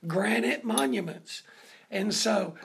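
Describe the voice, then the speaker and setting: Gravelly, husky man telling a rambling story. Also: high voice, expressive, fairly bright tone. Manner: unhurried, rambling with many fillers and laughs. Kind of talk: casual family storytelling.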